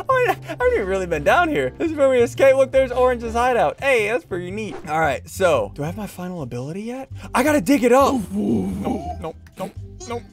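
Excitable high-voiced man gaming. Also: a little fast, faint music behind. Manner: excitable, jokey, narrates his moves aloud. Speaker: gaming YouTuber. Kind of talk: casual gameplay commentary.

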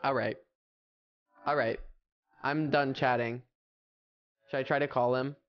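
A man's voice: medium pitch, fairly even intonation, a little slow, lo-fi sound. A young American man chatting casually and playfully on a livestream, rambling with filler words. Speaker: streamer.

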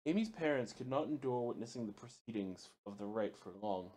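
A man playing a horror game, reading its notes aloud haltingly, with frequent stumbles, and swearing or yelping when startled. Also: medium pitch, animated, a little mellow. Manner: reads in a halting way, stumbling and restarting words. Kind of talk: let's play commentary.

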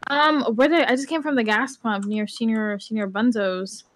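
A woman in a game role-play, brisk and friendly. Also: fairly high pitch, fairly even intonation, poor audio.

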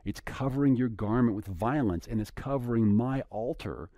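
A man's voice: mid-range voice, normal speed, warm tone, dry recording. A man teaching scripture in an earnest, conversational way, paraphrasing passages in everyday words. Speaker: Bible teacher.

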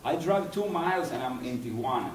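Male poet, English, halting lecture delivery, distant mic with faint hiss. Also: mid-range voice, expressive. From Cuba. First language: Spanish. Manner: halting, digressive, searching for words. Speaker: poet giving a talk. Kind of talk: university lecture. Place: university lecture room. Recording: echoey room, distant mic, faint noise.

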